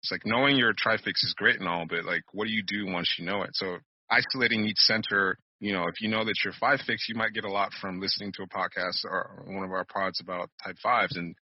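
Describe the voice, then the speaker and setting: A man co-hosting a podcast, explaining ideas in a halting, searching way. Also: low-pitched, fairly even intonation, husky, no room sound, dull audio. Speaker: podcast co-host. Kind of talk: casual podcast chat.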